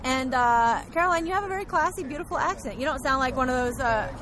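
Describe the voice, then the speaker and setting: A woman's voice: high voice, quick pace, a bit bright. A young woman hosting a podcast, chatting casually and gushing over her guest. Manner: gushing, effusive interviewer. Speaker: podcast host.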